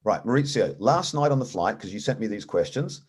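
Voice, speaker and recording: A man's voice: on the low side, a little fast, slightly rough. A middle-aged man, an airline captain, telling his story in an interview and acting out the voices of people he quotes. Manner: animated storyteller, acts out quoted dialogue.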